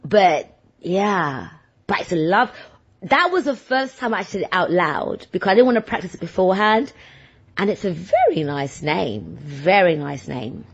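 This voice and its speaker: A woman vlogger telling everyday stories in a rambling, animated, self-deprecating chat. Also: lowish voice, moderate pace, breathy edge. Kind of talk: casual chatty monologue. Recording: dull lo-fi sound.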